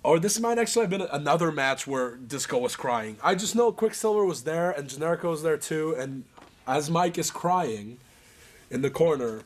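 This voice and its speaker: A man telling animated stories in a casual interview, acting out other people and laughing as he goes. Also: a little high, normal speed. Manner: animated, acts out voices and laughs through stories.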